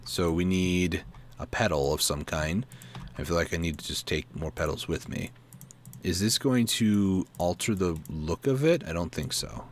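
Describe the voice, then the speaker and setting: Low-voiced man reading a game guide aloud. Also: slight background noise. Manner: reads aloud haltingly, stumbling and self-correcting; asides and questions to himself between reading. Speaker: gaming channel host.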